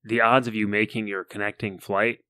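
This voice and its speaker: A man's voice: on the low side, little pitch movement, a little fast, pushed and bright, smooth, no echo. An American man co-hosting a podcast, telling a long rambling story in casual chat and often repeating words as he starts sentences. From United States. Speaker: podcast co-host.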